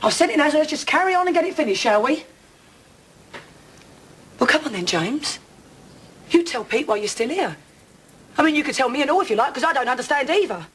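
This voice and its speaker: Brief: a distraught woman in her thirties, high-pitched, biting and raw, for a TV drama. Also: expressive, fairly quick, long pauses, fairly bright tone, slight background noise, poor audio. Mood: furious. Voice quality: bitter, sarcastic, then breaking down. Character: angry distraught East End woman confronting her attacker. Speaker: victim confronting attacker. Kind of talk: television soap drama acting.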